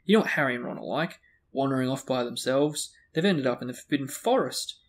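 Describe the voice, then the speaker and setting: A man's voice: medium pitch, expressive, a little fast, natural voice. A man reading aloud, voicing an earnest middle-aged father who speaks casually and grows heated.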